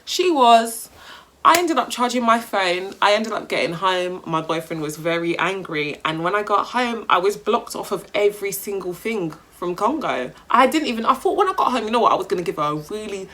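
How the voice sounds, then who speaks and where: A young woman with a London accent telling a storytime vlog in an animated, slangy way, swearing freely. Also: medium pitch, moderate pace. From England. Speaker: vlogger.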